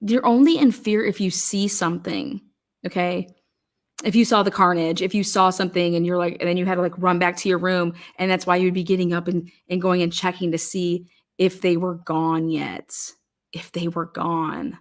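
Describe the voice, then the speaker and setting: A woman's voice: fairly low pitch, flat delivery, normal speed. A woman giving true crime commentary in a blunt, sarcastic and profane way, firing off pointed questions.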